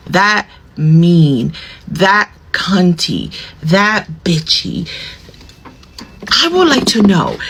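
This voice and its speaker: A woman's voice: medium pitch, breathy edge, rough recording. A woman ranting bluntly and with profanity about coworkers. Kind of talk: casual ranting vlog.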